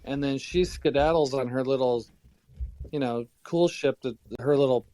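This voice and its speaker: A man co-hosting a podcast, recapping a story in a relaxed, joking way. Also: mid-range voice, moderate pace, dry recording, low-quality recording. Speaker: podcast co-host. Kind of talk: casual book discussion.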